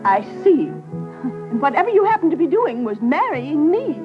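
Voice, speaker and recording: A fond, fluttery sweetheart in an old western film. Her voice is high and swings widely in pitch. Clear music plays beneath her. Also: big pitch swings, normal speed, low-quality recording. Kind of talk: 1970 western film acting.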